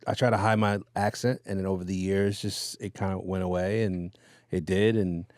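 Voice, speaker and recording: A man, a radio DJ guest, telling stories in a relaxed, casual interview chat with fillers and laughs. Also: low-pitched, moderate pace, dry recording, studio quality.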